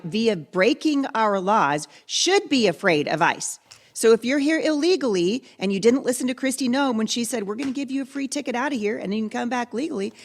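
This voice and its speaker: A woman guest commentator on a political talk show, speaking in an emphatic, indignant way. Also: a little high.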